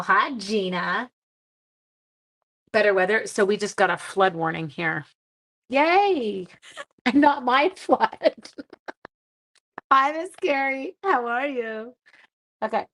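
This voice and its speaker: A woman's voice: mid-range voice, a bit bright. Middle-aged Canadian woman, casual live-stream craft host, chatty and thinking aloud. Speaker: stamping demonstrator hosting a live stream. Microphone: live stream mic.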